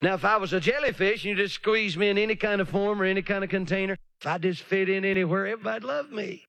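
A man's voice: high-pitched, quick pace, fairly bright tone, no echo. A man preaching a dramatic sermon, often mocking others in put-on voices.

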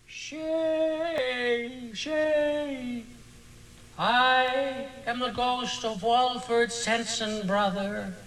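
A man voicing a male ghost who calls out in a drawn-out, quavering, high-pitched wail. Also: fairly even intonation, a bit bright, distant mic, heavily acted, rough recording. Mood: eerie wailing. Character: wailing male ghost in attic, quavering, eerie.

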